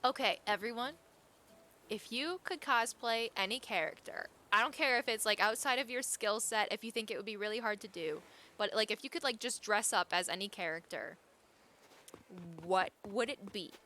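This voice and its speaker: A young woman chatting casually with her viewers as a live streamer, chatty and quick to get excited, laughing often. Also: mid-range voice, a little hiss or hum.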